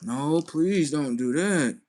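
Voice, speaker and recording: Male live streamer, high-pitched and animated, with a profane, slangy rant. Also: slow.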